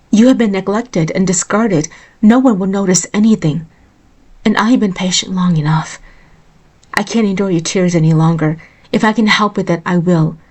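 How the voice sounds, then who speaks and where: A woman's voice: medium pitch, a little mellow, close to an everyday voice. A woman voicing a neglected young queen in a storybook reading, pleading and tearful in tone.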